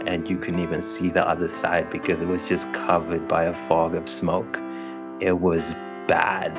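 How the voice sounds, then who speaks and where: A man's voice: low-pitched, dull audio. A man co-hosting a casual podcast chat, laid-back and laughing often. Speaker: podcast co-host.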